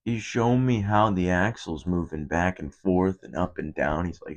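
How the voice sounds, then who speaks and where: Young guy on a podcast, low gravelly voice, swears a ton, just rambling. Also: brisk. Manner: profane, loose storytelling. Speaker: podcast host. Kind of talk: casual rambling monologue.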